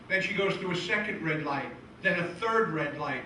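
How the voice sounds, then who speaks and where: High, bright stand-up comic in echoey room. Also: male voice, fairly quick. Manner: deadpan joke delivery, acting out voices of old relatives. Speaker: comedian and magician. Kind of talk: stand-up comedy and magic routine. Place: live show venue. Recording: echoey room from a distant mic, faint noise.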